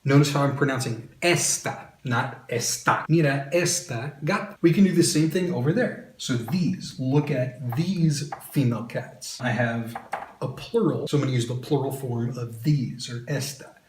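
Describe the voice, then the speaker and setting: A man's voice: mid-range voice, moderate pace, darkish tone. A man teaching a video lesson, with an upbeat manner and joking asides to the viewer. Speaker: Spanish teacher. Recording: roomy echo.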